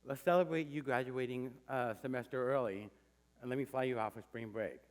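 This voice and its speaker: A man's voice: medium pitch, fairly even intonation, fairly quick, close to an everyday voice. A man voicing a careless, unreliable rich young man who talks in an offhand, casual way. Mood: breezy.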